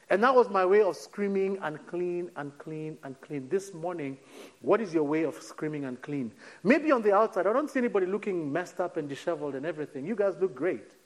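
A male pastor preaching a sermon, dropping to a near hush on key words and then lifting again, slowing down for emphasis. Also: high-pitched. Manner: preaching with dramatic drops to a near hush and sudden lifts; slows right down on key phrases.

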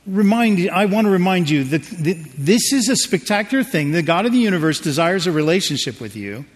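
A man's voice: high-pitched, sing-song, a little fast. A man preaching a sermon to a congregation in a conversational, joking way, calling on the audience to repeat after him. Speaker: pastor. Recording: hall reverb.

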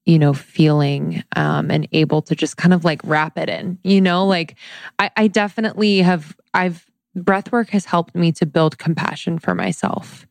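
Woman, podcast host, very low voice, affirming casual chat, dry close mic. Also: fairly even intonation, gravelly, dry recording. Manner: warm, affirming, quick to agree.

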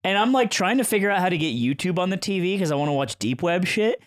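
In a high-pitched voice at a quick pace, a male podcast co-host spins a story in relaxed conversation, performing other people's lines. The recording is studio quality with no room sound.

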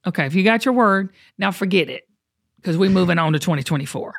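A woman's voice: fairly low pitch, expressive, fast, gravelly, no room sound, studio quality. A middle-aged woman, hosting a casual chat and talking in an upbeat, motivational way. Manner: upbeat, motivational, uses y'all. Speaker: show host.

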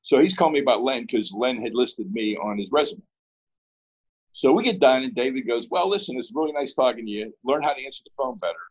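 A man's voice: medium pitch, expressive, fairly quick, breathy edge, highs cut off. A man from Pittsburgh, a guest in an interview, telling a story in a casual way and acting out both sides of the dialogue.

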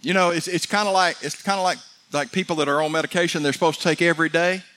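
A middle-aged man preaching a fervent sermon, building to excited peaks. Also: on the high side, fast talker. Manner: fervent, rising to shouts of excitement. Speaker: pastor.

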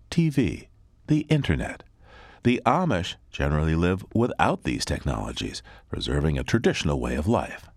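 A man's voice: on the low side, no room sound, studio quality. A man hosting a radio program, reading scripted introductions with emphatic announcing. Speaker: radio show host.

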